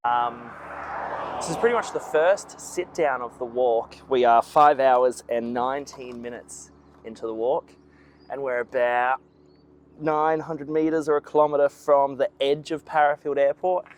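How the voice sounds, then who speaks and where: A man's voice: medium pitch, fairly even intonation, unhurried. A tired man walking a long route and talking to the camera in a plain, self-mocking way, outdoors by roads. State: weary from walking. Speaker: vlogger on a long walk. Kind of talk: walking vlog talk to camera.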